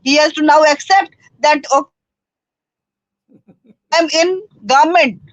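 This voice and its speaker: High-voiced woman debating, dry sound. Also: no room sound, muffled recording. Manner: halting, repeats words, mixes in Hindi. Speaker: panelist. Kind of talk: political panel debate. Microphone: remote call with a poor network.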